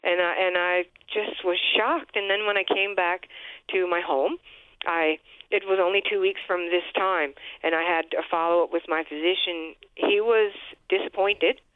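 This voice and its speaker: A woman in her forties calling in to a radio show, halting and hesitant with many restarts, distressed. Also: lowish voice, steady tone, smooth, no echo. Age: 40s. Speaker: caller. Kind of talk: call-in radio. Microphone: phone line. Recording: tinny phone line.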